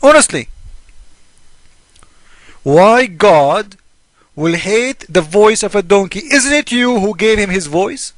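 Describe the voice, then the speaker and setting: Mocking, argumentative man with a high voice. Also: animated, slow pace, pauses often, no room sound. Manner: mocking, argumentative, full of rhetorical questions. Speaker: religious critic. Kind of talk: polemical monologue.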